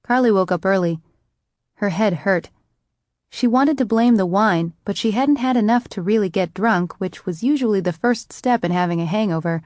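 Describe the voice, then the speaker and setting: A woman narrating a romance audiobook in a measured, even storytelling manner. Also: mid-range voice, no room sound, studio quality.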